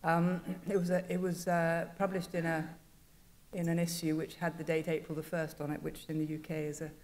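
Halting woman in a reverberant hall. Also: deep voice, little pitch movement, a little mellow. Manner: anecdotal, self-deprecating, halting. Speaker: journal editor on a panel. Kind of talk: panel talk. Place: conference hall.

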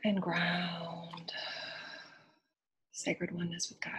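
A woman spiritual teacher giving an inspirational talk, speaking in earnest, flowing phrases and soft repeated affirmations. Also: on the low side, completely flat delivery, very slow, noisy background. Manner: earnest, flowing, at times whispered.

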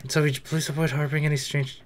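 A man giving casual anime reaction commentary, excitable and swearing as he blurts out his reactions. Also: fairly high pitch, fast. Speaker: anime reaction video creator.

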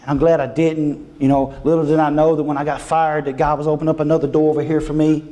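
A man, preaching a sermon in a folksy, animated way and acting out little dialogues with God. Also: a little high, fast talker, reverberant. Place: church sanctuary.

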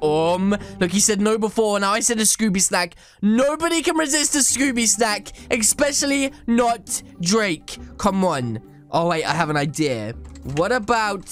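A woman giving dramatic, excitable commentary over her gameplay, with lots of gasps and exclamations. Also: on the high side, moderate pace. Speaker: gaming YouTuber. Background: faint game music.

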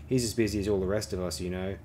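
A man reading the lines of a cautious, clever male starfighter pilot in a low-key, measured way. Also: fairly even intonation, mellow, slight background noise, natural voice.

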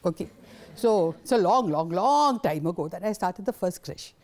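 A woman's voice: fairly low pitch, lively intonation, moderate pace, a little mellow. An older woman, giving a passionate, indignant conference talk. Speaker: invited speaker.

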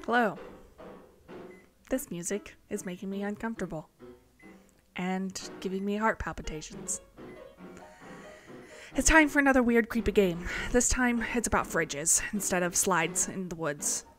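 A woman's voice: medium pitch, lively intonation, measured pace, long pauses. A woman hosting a horror game let's play, jumpy and chatty, talking to the game's objects and squealing when startled. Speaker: gaming channel host. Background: eerie game music.

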